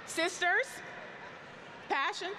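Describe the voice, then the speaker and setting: A woman's voice: extremely high pitch, extremely slow, sharp tone, long reverb tail, slight background noise. A middle-aged woman and union leader giving a rousing convention speech, drawing the crowd in with call-and-response questions. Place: large convention hall.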